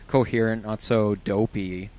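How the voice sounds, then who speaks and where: Slightly slow and darkish, this man's low voice stays fairly even as he hosts an internet radio show full of loose chat, jokes, casual swearing and frequent laughter. The recording, made in a small home room with the window closed, is dull and lo-fi with faint music behind it.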